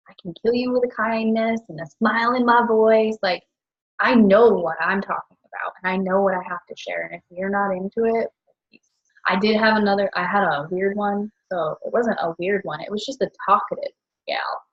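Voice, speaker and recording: A woman's voice: medium pitch, normal speed, breathy edge, dull audio. A woman talking casually about her business, chatty and full of fillers, often breaking into laughter. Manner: chatty, filler-heavy, self-correcting. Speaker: network marketer.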